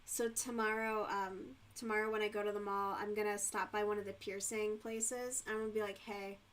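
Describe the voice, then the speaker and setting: A woman's voice: mid-range voice, flat delivery, moderate pace, a little hiss or hum. A woman hosting a livestream and chatting casually while she crochets, laughing often and swearing freely. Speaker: livestream host.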